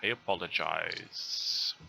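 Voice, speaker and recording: A man's voice: low-pitched, slow pace, creaky, pushed and bright, slight background noise. A man speaking English as a non-native speaker, hosting a casual gaming chat over an online call, hesitant and thinking aloud as he reads rules. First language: not English. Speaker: host.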